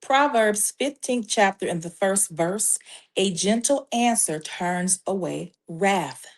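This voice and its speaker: Woman life coach, unhurried and emphatic, mid-pitched, teaching step by step with scripture. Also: expressive. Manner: measured, emphatic, lists steps with scripture. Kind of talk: faith-based parenting advice talk.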